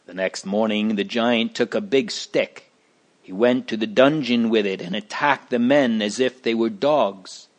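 A man reading a chapter book aloud in a slow, deliberate storybook narration. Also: on the low side.

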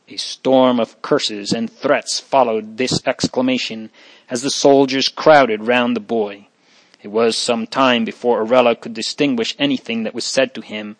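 A man narrating a story in a steady, plain reading style. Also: mid-range voice, a little slow, no echo, poor audio.

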